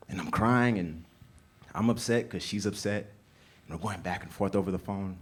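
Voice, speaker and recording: A young man tells a personal story live, speaking earnestly in a steady rhythm. His voice sits a little low. He talks into a stage microphone in a small theater. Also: normal speed, slightly rough.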